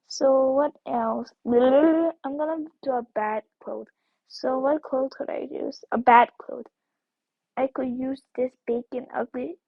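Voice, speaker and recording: A woman's voice: high-pitched, creaky, slightly rough, no echo. A woman giving casual gameplay commentary as a video creator, rambling and repeating words, with sudden squeals and whispers. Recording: dull lo-fi recording.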